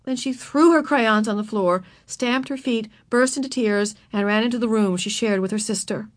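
A woman reading a children's story aloud, expressive and putting on voices for the characters. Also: a little high, normal speed. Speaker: narrator. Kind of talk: children's book read aloud.

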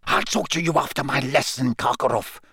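A man's voice: medium pitch, normal speed, creaky, sharp tone, breathy edge, dry recording, clean studio sound, full character voice. A man voicing a cold, irritable male potions teacher who mutters and snaps his words out short. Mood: curt snarling. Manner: muttering, snapping, clipped.

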